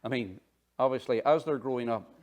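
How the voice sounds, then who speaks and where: A middle-aged man preaching a sermon in an animated, conversational way, full of asides. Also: medium pitch, brisk. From Northern Ireland. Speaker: pastor.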